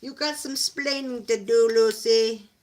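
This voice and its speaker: A woman putting on an impression of a 1950s sitcom husband, scolding loudly and mock-sternly. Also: fairly high pitch, steady tone, measured pace, slight background noise, close to an everyday voice.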